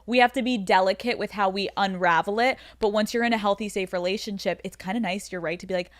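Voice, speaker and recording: A woman's voice: mid-range voice, fast talker, no room sound, studio quality. A woman hosting a podcast, chatting bluntly and casually and swearing freely. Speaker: podcast host. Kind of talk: casual interview chat.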